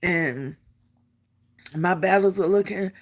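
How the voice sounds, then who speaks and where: A woman's voice: fairly low pitch, takes it slowly. A middle-aged woman telling a personal story in a casual vlog, acting out the quotes and laughing as she goes. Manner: animated, acts out quotes, laughs while telling. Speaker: vlogger.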